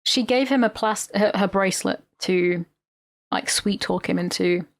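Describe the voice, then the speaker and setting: A woman's voice: mid-range voice, measured pace, dry recording. Sweary woman co-hosting a podcast. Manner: sweary, rambling retelling. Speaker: podcast co-host. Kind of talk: casual film-recap chat.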